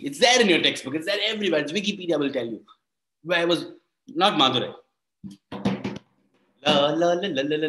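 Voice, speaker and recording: Male storyteller, high voice, animated and audience-quizzing. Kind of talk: performative storytelling for children.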